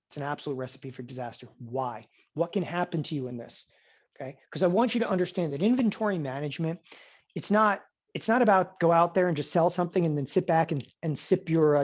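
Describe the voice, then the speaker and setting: Animated sarcastic man teaching trading. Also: fairly high pitch. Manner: animated, sarcastic, acts out students' voices. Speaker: options trading instructor. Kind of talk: classroom lecture. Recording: dull lo-fi sound.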